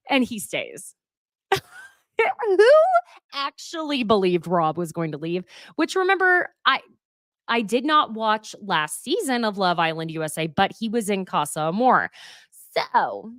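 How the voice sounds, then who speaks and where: A young woman from Oklahoma hosting a sassy, animated recap chat, dropping into hushed asides and quoted voices. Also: medium pitch, no echo, clean studio sound. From Oklahoma, USA. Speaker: host.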